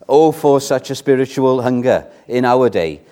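A man's voice: mid-range voice, lively intonation, unhurried, mellow. A man preaching an evening sermon in a church, earnestly putting rhetorical questions to the congregation.

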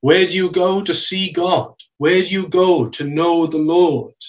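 A man preaching a sermon in a church, earnest, slowing down to stress key phrases. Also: sits high, steady tone, recorded from a distance, rough recording.

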